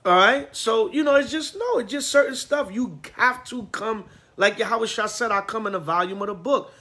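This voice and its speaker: A man's voice: sits high, expressive, moderate pace, sharp tone. A man preaching a scripture lesson as priest, emphatic and streetwise, scolding his listeners. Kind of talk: sermon.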